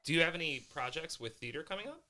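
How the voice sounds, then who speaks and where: A man co-hosting a podcast, lively and joking. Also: a little high, very fast. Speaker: podcast co-host. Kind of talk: casual podcast chat.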